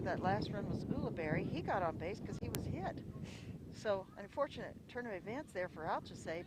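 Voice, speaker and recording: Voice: mid-range voice, very noisy. Chatty ballpark radio announcer outdoors. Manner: chatty, folksy, often unsure of details and self-correcting. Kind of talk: live radio sports commentary. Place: outdoors at a windy high school ballpark.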